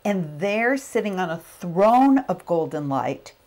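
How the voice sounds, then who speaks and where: A woman's voice: fairly low pitch, measured pace. A middle-aged woman giving a motivational talk, telling a personal story and acting out the quotes. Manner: animated storyteller, acts out quotes. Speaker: motivational speaker.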